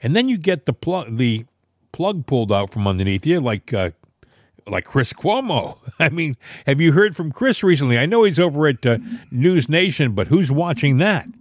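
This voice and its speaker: A man's voice: a little high, sing-song, normal speed, no echo, studio quality. A man co-hosting a casual political talk show, telling stories in an emphatic, opinionated way. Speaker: podcast co-host.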